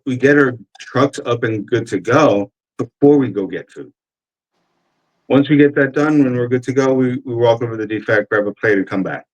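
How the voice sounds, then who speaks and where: A man's voice: medium pitch, highs cut off. A man with a New York accent telling profane army stories in casual chat, acting out what others said. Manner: profane, animated, acts out quotes.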